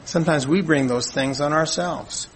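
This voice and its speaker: A man preaching a sermon in an earnest, measured way, asking rhetorical questions and answering them. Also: fairly high pitch, a little hiss or hum, low-quality recording. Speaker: pastor.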